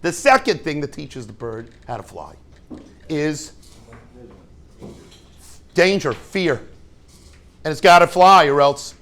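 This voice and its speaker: Man, chatty classroom teacher, slightly raised pitch. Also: lively intonation, slow, long pauses, a bit bright, a little hiss or hum. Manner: chatty, joking, asks the class questions. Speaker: rabbi teaching students. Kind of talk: informal classroom lesson.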